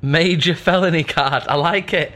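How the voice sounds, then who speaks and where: A man's voice: fairly high pitch, normal speed, a bit bright. A man co-hosting a podcast, chatting casually in a dry, teasing way and swearing now and then. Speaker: podcast co-host. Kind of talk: casual chat.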